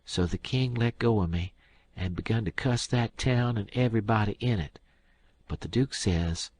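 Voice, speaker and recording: Husky, low-voiced male audiobook narrator. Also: moderate pace, darkish tone, dry recording. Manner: plain storytelling in folksy dialect.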